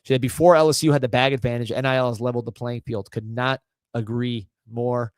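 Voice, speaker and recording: A man's voice: mid-range voice, little pitch movement, quick pace, smooth, no room sound. A man hosting a live fan sports show, talking casually and with energy, reading viewer comments aloud. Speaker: host of a fan sports livestream.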